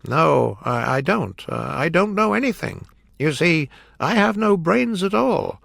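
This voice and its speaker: A man voicing a friendly, timid male scarecrow made of straw, speaking gently and with a stammer. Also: on the high side, very animated, a little slow, vocal fry, no room sound, clean studio sound, pitched above the performer's own voice, exaggerated voice. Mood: sad wondering. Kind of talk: storybook character voice.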